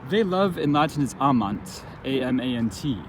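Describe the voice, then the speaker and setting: A man explains a language point in an unscripted lesson, pausing, restarting and filling gaps as he works things out aloud. His voice sits at an ordinary middle pitch. Car and street noise comes through clearly behind him. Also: expressive. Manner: thinking aloud, halting with many restarts and fillers. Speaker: language teacher. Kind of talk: informal spoken lesson.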